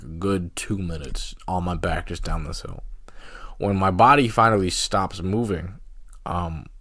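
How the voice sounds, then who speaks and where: Low-voiced young man rambling casually. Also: a bit bright, no echo, studio quality. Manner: rambling, filler-heavy, laughing at himself. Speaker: podcast host. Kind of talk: casual solo storytelling.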